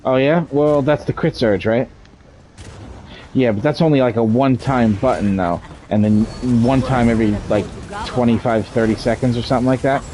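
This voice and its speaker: A man's voice: mid-range voice, moderate pace, warm tone, a little hiss or hum, poor audio. A man streaming a game, chatting casually, explaining mechanics and swearing freely. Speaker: streamer playing an online game. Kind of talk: casual gameplay commentary.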